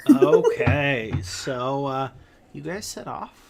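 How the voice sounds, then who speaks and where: A man game master narrating with a slow, deliberate pace, middling pitch, hesitant pauses and fillers as he lays out the scene. He keeps an even, patient storytelling rhythm. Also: vocal fry, a crowd in the background.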